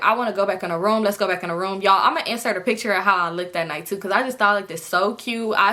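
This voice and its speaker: A woman with a bright, forward voice tells a wild story to her viewers. She talks loose and slangy, swears freely and speaks right to the audience. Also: medium pitch. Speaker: storytime vlogger.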